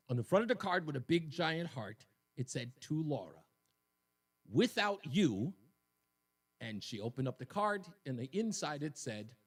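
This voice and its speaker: A man in his fifties hosting a talk radio show, telling a story in an animated way and laughing at his own jokes. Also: fairly high pitch. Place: radio studio.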